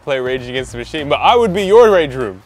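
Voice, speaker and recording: A man's voice: on the high side, sing-song, fast, soft background music. A man co-hosting a casual comedic news chat, playful and teasing. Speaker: co-host.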